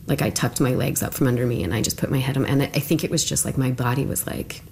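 Very deep-voiced woman telling her story. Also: fairly even intonation, quick pace, creaky, slight background noise. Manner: conversational, with frequent "like" fillers and quiet asides. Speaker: interviewee recounting her story. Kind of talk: casual recorded interview.

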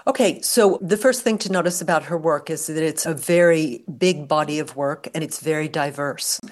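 An older woman speaks as an interview guest, with a very low voice for a woman. She answers in a thoughtful, articulate way, like a professor explaining her field. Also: normal speed.

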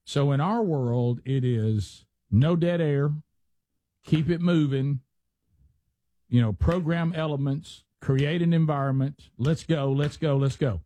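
A man's voice: fairly high pitch, slow, mellow, dry recording. Chatty radio host man. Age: middle-aged. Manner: chatty, mimics lazy podcast talk. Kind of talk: casual talk show banter.

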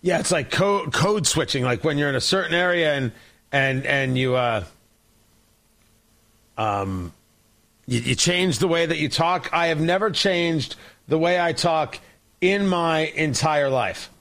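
A man's voice: fairly high pitch, lively intonation, measured pace, a bit bright. A male talk show host giving sarcastic, rambling political commentary. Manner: sarcastic, mocking, rambling with restarts.

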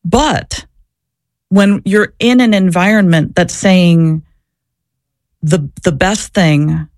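A woman's voice: fairly low pitch, slow pace, a little mellow, dry recording, studio quality. A woman and former social worker answering interview questions, telling her story in an earnest, reflective way. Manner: earnest, reflective, searching for words.

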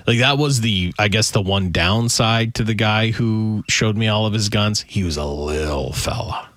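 A man's voice: fairly low pitch, normal speed, no room sound, studio quality. A man co-hosting a casual radio show, telling stories and acting out the voices of people in them. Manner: animated storyteller, acts out quoted voices.

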